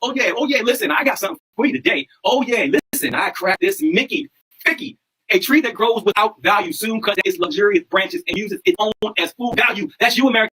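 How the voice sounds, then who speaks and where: A man's voice: sits high, animated, a little fast, bright, forceful tone, husky, low-quality recording. A man hosting a livestream monologue, preaching in a repetitive way and often asking listeners whether they understand. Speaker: livestream host.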